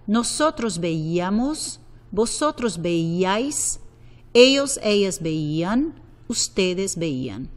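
A woman teaching a Spanish grammar lesson, working slowly through verb conjugations one form at a time. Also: mid-range voice, big pitch swings. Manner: slow, methodical, repeating conjugations. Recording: long reverb.

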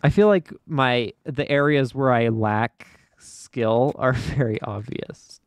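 A medium-pitched, slow voice with no room sound belongs to a young adult gamer tackling an obstacle course game. The let's play commentary is casual, with dramatic exasperation and plenty of laughter at their own struggles.

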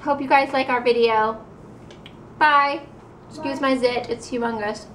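A young woman talks through her groceries in a bright, chatty, upbeat way. Her voice sits high. She is picked up from a distance in a roomy kitchen with steady background noise. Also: measured pace. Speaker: vlogger. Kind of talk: casual chat. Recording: roomy, distant camera mic.

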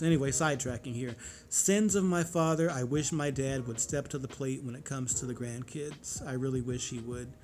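A man's voice: mid-range voice, darkish tone. A man in his forties vlogging in a casual, rambling monologue, cursing freely and getting heated. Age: 40s.

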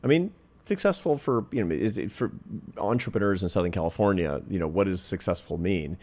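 A man's voice: low-pitched, animated, a little fast, a little mellow. A man in his fifties, a social scientist and interview guest, earnestly telling a personal anecdote in conversation. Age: 50s. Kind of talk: reflective storytelling in conversation.

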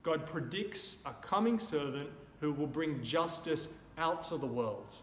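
An Australian man gives a sermon in a relaxed, joking manner, his fairly high voice carrying emphatic asides. The recording rings with a long hall reverb and faint background hiss. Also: a little slow. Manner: conversational, wry humour, emphatic shouted examples. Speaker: preacher. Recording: echoey room, long reverb, faint noise.

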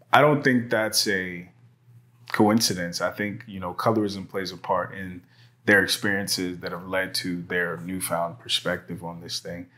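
A man's voice: lowish voice, fairly bright tone. A man hosting a casual conversational interview, laid-back and reassuring, speaking on a lapel mic in a studio. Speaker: podcast host. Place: indoor studio with white background.

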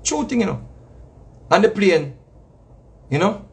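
A man with a Jamaican accent, a reggae artist, talks a little fast in a fairly high, husky voice, pausing often. He preaches in a casual, repetitive monologue, stressing his points and adding slang asides.

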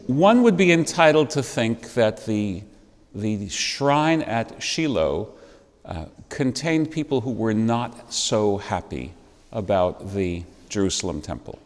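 A man's voice: on the low side, very animated, slow. Man, church Bible class teacher, casual lecturing, wry asides, asks the class questions, long church reverb. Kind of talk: adult education lecture.

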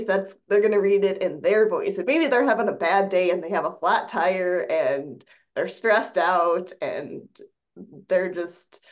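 A younger woman moderates a panel in a chatty, conversational way. Her voice sits at a middle pitch and comes through slightly dull and muffled, like online call audio. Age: young adult. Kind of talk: panel discussion.

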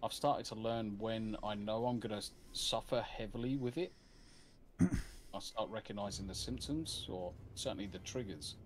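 Man, lowish voice, blunt and sweary gaming banter. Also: moderate pace, slight background noise. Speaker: co-op gamer. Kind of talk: casual gaming chat.

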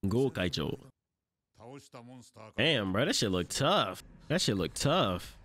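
A young man hosting an anime reaction video, talking in excitable, slangy, profane bursts, often laughing and yelling. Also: medium pitch, measured pace. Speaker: anime reaction channel host.

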